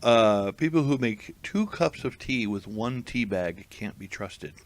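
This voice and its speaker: Low-voiced man, dry amused reader. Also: lively intonation, unhurried. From United States. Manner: dry, amused, chuckling asides. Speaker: comedic reader of tweets. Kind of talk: casual comedic commentary.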